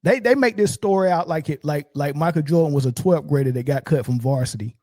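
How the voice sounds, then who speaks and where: A man hosting a sports commentary show, ranting in a mocking, profane and animated way. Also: fairly high pitch, brisk, no echo.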